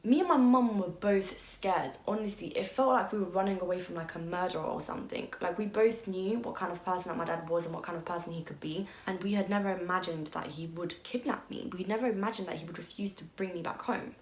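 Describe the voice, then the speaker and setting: Young woman, vlogger, candid emotional storytelling, slightly low voice, roomy echo. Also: fast, few pauses. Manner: candid, emotional retelling with frequent "like" and swearing. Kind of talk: storytime vlog. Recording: echoey room.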